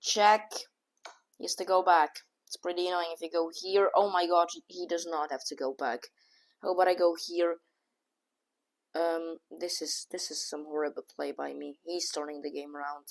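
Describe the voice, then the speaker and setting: A woman with a somewhat low voice talks through her own chess game as she plays it. She thinks aloud move by move in casual slang, quick to exclaim and quick to call her own play horrible. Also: vocal fry. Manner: excitable, self-critical, thinks aloud move by move; casual slang, says "bro" and "oh my god". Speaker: chess streamer.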